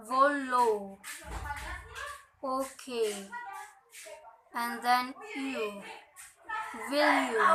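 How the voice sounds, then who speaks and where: A young woman student presenting a pronunciation lesson, reading slowly and carefully and linking points with "okay" and "and then". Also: sits high, noisy background.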